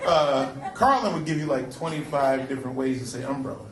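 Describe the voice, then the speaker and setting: A male stand-up comedian from the Seattle area, telling jokes in an animated, punchy way with asides to the crowd, on a comedy club stage. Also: mid-range voice, brisk, very noisy. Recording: echoey club, distant mic, crowd laughter.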